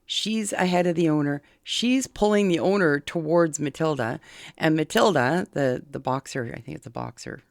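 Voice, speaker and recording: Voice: mid-range voice, moderate pace, creaky, no echo, clean studio sound. A dog behavior commentator reacting to a video clip, speaking earnestly and pleading with viewers, repeating key points with frequent restarts. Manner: frequent restarts and verbal fillers.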